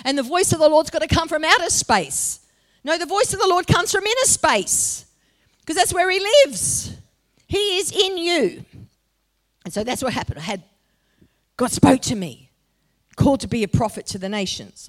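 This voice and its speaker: A middle-aged woman preaching a sermon to a congregation, moving from personal storytelling to loud, emphatic exhortation. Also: on the high side, animated, normal speed.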